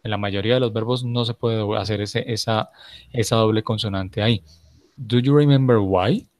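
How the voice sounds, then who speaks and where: A man's voice: lowish voice, steady tone, fairly quick, a little mellow, no room sound. A man with a Colombian Spanish accent and Spanish as his first language, patiently teaching English grammar step by step in an online lesson. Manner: patient, explains step by step, switches to Spanish to clarify.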